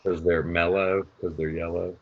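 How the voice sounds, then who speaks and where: A man with a very low voice, playing in a casual tabletop game session. He answers in short, matter-of-fact bits. The sound is dull and lo-fi. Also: flat delivery, moderate pace. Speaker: player.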